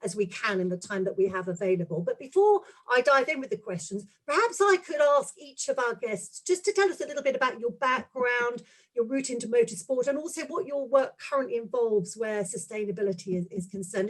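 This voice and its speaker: A woman introduces guests on a webinar over a video call. Her voice sits a little high. She talks freely, with ums and small restarts. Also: brisk. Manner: friendly, with frequent ums and restarts. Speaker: host, motorsport journalist. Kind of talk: webinar hosting.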